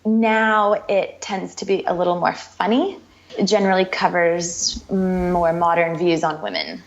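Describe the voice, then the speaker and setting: A podcast guest with a lowish voice talks at a measured pace, giving chatty explanations in a casual interview and circling back to repeat things often. Her recording sounds dull and lo-fi.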